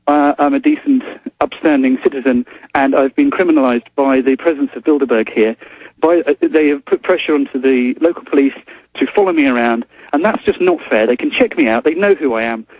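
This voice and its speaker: A man's voice: a little high, no room sound. Stammering Englishman on a phone line. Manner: hesitant, polite, stammering restarts. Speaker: journalist calling in as guest. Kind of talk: phone-in interview. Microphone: telephone.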